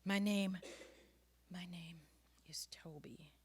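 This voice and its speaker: A woman's voice: mid-range voice, animated, takes it slowly, darkish tone, pitched above the performer's own voice. A woman reading out a desperate young captured man pleading in broken speech.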